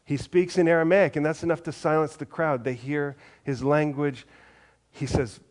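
A man's voice: on the high side, fairly even intonation, moderate pace, a little mellow. A man reading scripture aloud and then preaching in a conversational way, often restarting his words. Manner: conversational, with frequent repeated restarts.

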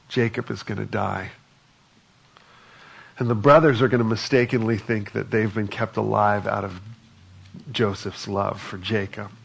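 A man's voice: on the low side, creaky, husky. A man preaching a sermon in a conversational way, reading scripture aloud between his own remarks. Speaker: pastor.

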